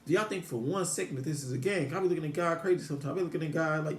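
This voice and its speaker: Guy with aave rambling about god, talks fast, kinda high voice, echoey room. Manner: meandering, repetitive, frequent restarts, rhetorical questions. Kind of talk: rambling religious musing to viewers.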